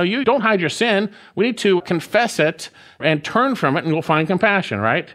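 Animated man preaching a sermon. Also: high voice. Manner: emphatic, repeats key phrases with rising stress; slows down for emphasis, explains word meanings. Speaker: pastor. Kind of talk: expository sermon.

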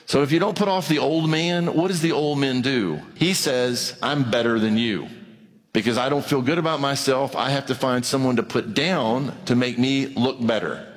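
A man delivers a sermon in the easy, conversational manner of a pastor, reading scripture aloud and slipping into bits of acted dialogue. His voice sits in a middle pitch and moves freely up and down. His words ring out with a long reverb, as if spoken in a large hall. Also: moderate pace, few pauses.

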